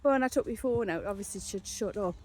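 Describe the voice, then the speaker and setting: A woman's voice: medium pitch, quick pace, a little mellow. Sweary Geordie woman telling a story. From North East England. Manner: blunt, sweary, sardonic storytelling. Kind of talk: casual storytelling monologue.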